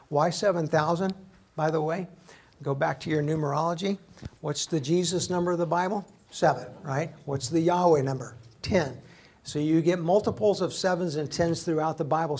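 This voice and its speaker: Gravelly, husky-voiced man preaching a sermon. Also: a little high. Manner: dramatic, voices quoted figures loudly. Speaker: pastor.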